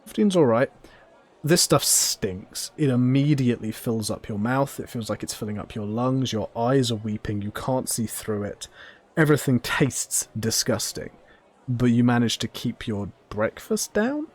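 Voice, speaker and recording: A man's voice: medium pitch, expressive, a little slow, breathy edge. Man narrating as a game master. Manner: descriptive, with frequent ums.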